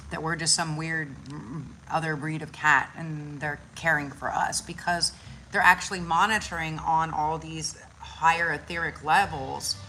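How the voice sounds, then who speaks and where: A woman's voice: low voice, slight background noise. A woman chatting casually about spirituality, loose and slangy, swearing freely and acting out little voices as she tells stories. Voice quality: animated storytelling with voices. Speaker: spiritual content creator.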